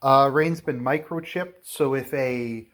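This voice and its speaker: A man's voice: medium pitch, slow pace, a bit bright. Guy rambling about his cat, kinda breathless from coffee, lots of ums and little laughs. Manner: rambling, chatty, laughs often, many ums. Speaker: pet vlogger. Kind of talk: casual chat to camera.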